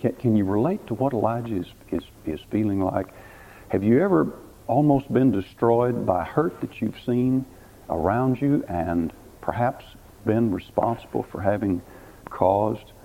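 Pastor preaching with dramatic questions. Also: male voice, lowish voice, animated, a little slow, gravelly. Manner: dramatic storytelling, repeats words, asks the listeners questions. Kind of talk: sermon. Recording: tinny phone-like recording, faint hiss.

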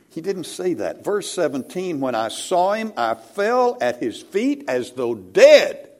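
A man preaching a sermon, dramatic, rising to loud climaxes and dropping to hushed near-whispers, with slow, emphatic phrasing. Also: mid-range voice, wildly swooping pitch.

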